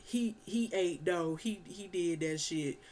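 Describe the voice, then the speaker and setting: A woman chatting casually as a reviewer, animated and slangy, swearing and telling stories. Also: fairly low pitch, slow pace, a little hiss or hum. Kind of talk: casual film review chat.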